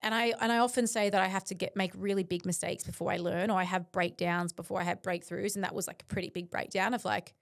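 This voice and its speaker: A woman's voice: mid-range voice, steady tone, fast talker, creaky, few pauses. A woman, a guest on a podcast, speaking earnestly and intensely about her mindset, with frequent fillers. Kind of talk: reflective interview talk.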